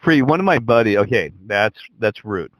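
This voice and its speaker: An older man co-hosting a casual chat, teasing and cutting in with quick remarks. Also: fairly low pitch, big pitch swings, no echo, low-quality recording. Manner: teasing, interjecting.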